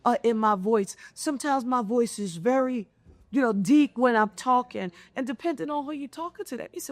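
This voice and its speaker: A middle-aged woman from Philadelphia, a mayor speaking as a panel guest, telling stories in an animated, expressive way with lively intonation. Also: on the high side, normal speed, dry recording. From Philadelphia, United States. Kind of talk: conversational panel discussion.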